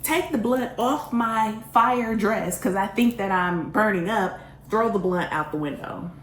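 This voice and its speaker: A woman telling a funny personal story, animated and self-mocking, with laughter and dramatic pauses. Her voice sits at a middle pitch. The room adds a roomy echo with a faint hiss behind. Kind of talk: casual storytime monologue.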